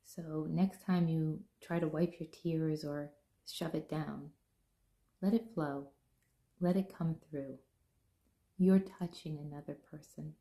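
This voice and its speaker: A middle-aged woman speaks in a low, warm register with a gravelly texture at the ends of her phrases. She tells personal stories earnestly and gently, leaving soft pauses between her thoughts. She sounds like a spiritual teacher giving a heartfelt talk. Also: steady tone. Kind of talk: heartfelt spoken reflection.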